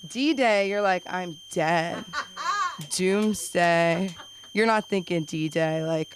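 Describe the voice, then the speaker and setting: A young woman doing an open mic stand-up set, rambling with quick self-deprecating asides. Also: lowish voice, slight background noise, rough recording. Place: small comedy club.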